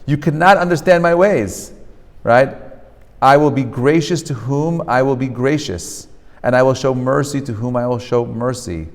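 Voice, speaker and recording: A man teaching a class as a rabbi. He talks in an animated way, often checks with "right?", and mixes Hebrew terms into English. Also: medium pitch, moderate pace, long reverb tail. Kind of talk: lecture to a live class. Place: lecture hall with a live audience.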